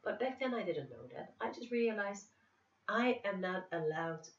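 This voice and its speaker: A woman's voice: medium pitch, lively intonation, normal speed, a little hiss or hum. Chatty woman in a roomy echo. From Netherlands. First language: Dutch. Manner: chatty, self-mocking. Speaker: vlogger. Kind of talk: casual chat. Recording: roomy, distant, dull sound.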